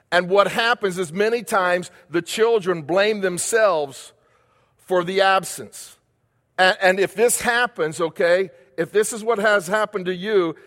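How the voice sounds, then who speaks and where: A man's voice: high-pitched, a bit bright. A man preaching a sermon as pastor, emphatic and repetitive, asking rhetorical questions of the congregation. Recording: long hall reverb.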